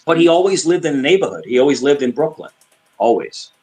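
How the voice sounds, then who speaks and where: A man's voice: a little high, big pitch swings, quick pace, a little mellow, soft background music, low-quality recording. A man hosting a casual panel chat, joking and ribbing the others.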